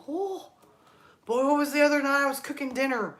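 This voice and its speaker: A woman's voice: high-pitched, brisk. A woman in her thirties hosting a live stream, chatting casually and rambling through stories about her kids and her mom. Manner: chatty, rambling, animated storytelling.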